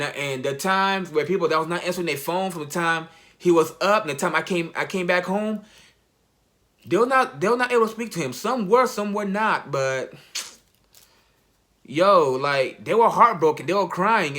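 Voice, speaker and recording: A young man, a college athlete, telling a personal story in a casual, slang-heavy, halting way. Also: sits high, a bit bright. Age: young adult.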